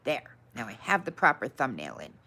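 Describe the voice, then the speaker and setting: A woman's voice: animated, normal speed. Frustrated woman livestreaming, grumbling. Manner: frustrated, grumbling at her tech; switches to bright, high greetings for viewers. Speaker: livestream host. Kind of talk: casual livestream chat.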